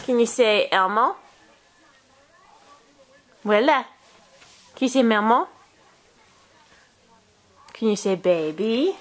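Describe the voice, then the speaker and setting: A woman's voice: fairly high pitch, expressive, slow pace, long pauses. A young woman talking to a toddler in coaxing, repetitive, sing-song baby talk for a home video.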